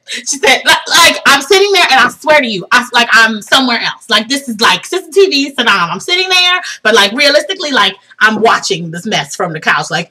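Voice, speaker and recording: Excitable woman telling a wild story. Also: on the high side, normal speed, hardly any pauses, husky. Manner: animated, laughing, swings from hushed to shrieking. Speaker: vlogger.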